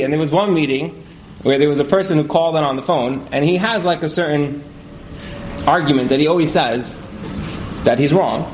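Man, casual storytelling talk, fillers and chuckles, somewhat high voice, echoey hall, faint noise. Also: fairly quick, pauses often. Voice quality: frequent fillers and chuckles, conversational. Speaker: speaker at a community event. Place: room with a live audience.

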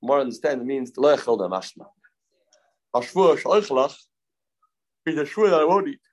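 A man teaching a daily Talmud page, walking through each case step by step. He repeats key phrases to drive a point home and reads in a way. His voice sits at an ordinary middle pitch. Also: lively intonation, moderate pace. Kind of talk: daf yomi lecture.

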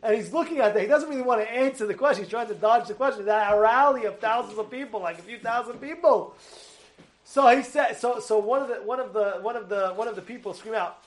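A man giving an animated sermon as a rabbi, acting out shouts and quotes with many restarts. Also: sits high, quick pace. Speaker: rabbi giving a weekly Torah talk.

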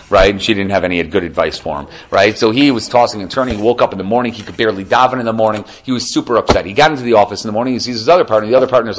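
A man giving a casual Torah class, animated and conversational, often checking in with the listener. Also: medium pitch, poor audio. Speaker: Torah teacher.

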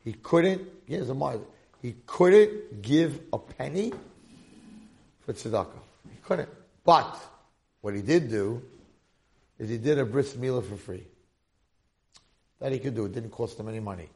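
A man teaching a Torah class, telling a long story with animated asides to his listeners. His voice is gravelly and of medium pitch. He talks directly to the room. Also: unhurried, pauses often.

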